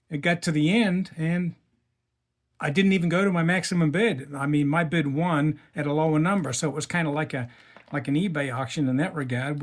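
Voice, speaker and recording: A man's voice: fairly high pitch, a little hiss or hum. A man giving casual unboxing commentary as a coin collector, chatty and amazed, muttering asides as he works.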